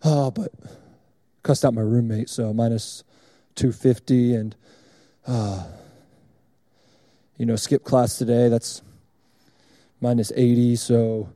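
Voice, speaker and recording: A man doing a flat, gloomy monotone college guy. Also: medium pitch, slow pace, pauses often, dry recording, studio quality, pitched below the performer's own voice, natural voice. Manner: flat, unexcited, dismissive. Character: monotone deep-voiced young man, gloomy.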